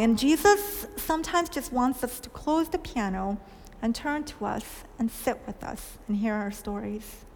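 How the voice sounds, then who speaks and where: A woman preacher giving a sermon, telling stories and asking questions, with soft hushed lines for quoted words. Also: high-pitched. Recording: long hall reverb.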